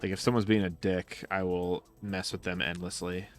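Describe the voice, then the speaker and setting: A man with a lowish voice chats loosely while streaming a game, swearing freely and wandering through anecdotes. He laughs often between thoughts, and faint music plays under his talk. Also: level tone, normal speed. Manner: casual, profane, rambling storytelling with frequent laughs. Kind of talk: casual live-stream chat while playing.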